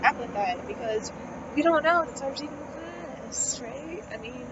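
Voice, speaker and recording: A young woman with a fairly high voice rants about her day in a loose, rambling way. She peppers her talk with swearing and "like". The recording sounds a little dull and lo-fi. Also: lively intonation, unhurried, background noise. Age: young adult. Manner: rambling, swears often, heavy use of "like" and fillers. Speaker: college student vlogger. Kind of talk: casual venting monologue.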